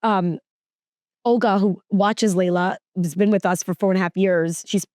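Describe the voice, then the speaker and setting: A woman's voice: medium pitch, steady tone, moderate pace, darkish tone, no echo, clean studio sound. A woman guest, a working mom and TV reporter, telling personal stories in a casual podcast chat, earnest and full of "like" fillers and restarts.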